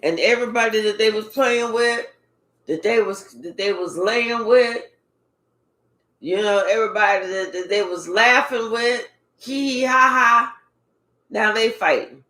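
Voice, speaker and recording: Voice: medium pitch, normal speed, a bit bright. A spiritual reader giving a casual reading in a blunt, profane, repetitive way. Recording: echoey room.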